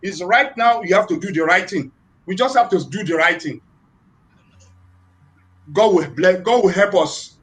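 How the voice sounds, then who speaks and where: A man's voice: sits high, a bit bright, poor audio. A man calling in to a live chat, giving his opinion in a preachy way, repeating points and invoking God. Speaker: caller. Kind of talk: earnest call-in opinion.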